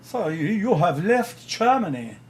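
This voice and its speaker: A man's voice: high voice, very animated, measured pace, darkish tone, pitched above the performer's own voice. An older man voicing a stiff, officious male customs official inside an anecdote.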